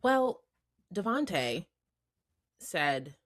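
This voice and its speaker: Animated young woman podcast co-host. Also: medium pitch, moderate pace, dry recording, studio quality. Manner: animated, acts out quotes in a mocking voice. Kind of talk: casual reality TV recap chat.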